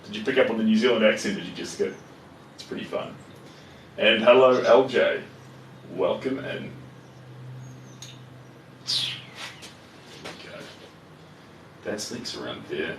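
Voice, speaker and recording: A low-voiced man talks slowly and casually as he paints live, half muttering to himself between greetings to viewers. His voice sits back from the microphone in an echoey room. A faint ambient hum runs underneath. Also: lively intonation. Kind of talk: casual live-stream chat while painting. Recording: roomy echo, voice far from the mic, faint ambience.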